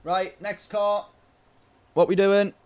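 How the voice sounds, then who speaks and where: A man streaming a racing game, telling a story in a ranting, exasperated way with sudden loud outbursts. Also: high-pitched, little pitch movement, slow pace, dry recording. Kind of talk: casual live-stream chat.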